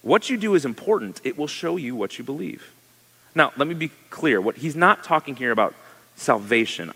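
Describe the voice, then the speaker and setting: A male pastor preaching a sermon in a conversational, animated way, asking his listeners questions. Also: mid-range voice, long reverb tail.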